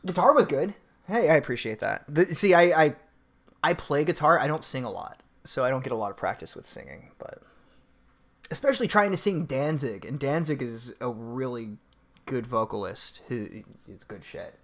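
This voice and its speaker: A man's voice: mid-range voice, expressive, moderate pace. A man casually chatting with viewers on a live stream, reading out donations in a rambling, laid-back way, laughing often and swearing offhandedly.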